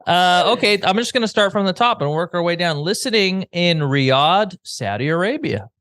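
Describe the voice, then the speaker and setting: A man's voice: high-pitched, expressive, moderate pace, fairly bright tone, clear, resonant tone, no echo, studio quality. A man co-hosting a podcast in casual chat, reading out listener emails over a remote call. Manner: chatty, reads out listener emails. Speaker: podcast co-host. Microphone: remote call mic.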